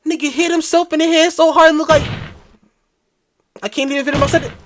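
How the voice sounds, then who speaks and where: Loud, slangy woman reacting to a game. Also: sits high, steady tone, fast, heavy background noise. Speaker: gamer. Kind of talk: game playthrough commentary.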